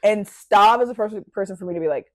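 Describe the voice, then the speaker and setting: A woman comedian from Baltimore, with a Baltimore accent, chatting casually on a podcast and slipping into quick mock voices. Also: mid-range voice, dry recording. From Baltimore, USA. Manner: animated, slips into mock voices and quick asides.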